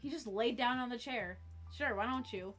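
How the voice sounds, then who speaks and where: A young woman live-streams from her room at home, chatting casually with viewers and her cat and laughing often. Her voice is fairly high and a bit bright, her pace moderate, with soft music in the background.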